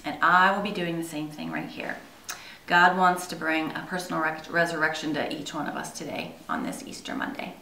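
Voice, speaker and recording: A woman's voice: deep voice, animated, brisk, gravelly, sharp tone, slight background noise. A woman giving an earnest devotional sermon to her church, asking many rhetorical questions. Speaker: church speaker. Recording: echoey room, far from mic.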